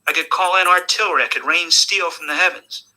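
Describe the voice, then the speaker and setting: An older man from the United States, answering interview questions as an animated, joking storyteller who drops now and then to a hushed tone. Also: fairly high pitch, fairly quick, low-quality recording. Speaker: interview guest. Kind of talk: conversational storytelling.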